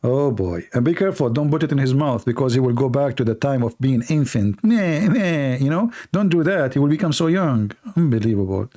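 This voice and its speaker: A man's voice: mid-range voice, expressive, fast, hardly any pauses, dark tone. A man hosting his own online show in a sarcastic, mocking monologue, speaking English with non-native grammar.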